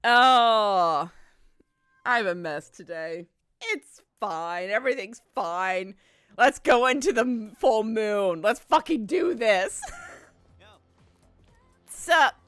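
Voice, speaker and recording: A woman's voice: mid-range voice, lively intonation, slow, a bit bright, smooth, no room sound, clean studio sound. A woman streaming a game live, chatting in a rambling, heartfelt way and greeting viewers effusively. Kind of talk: casual live-stream chat.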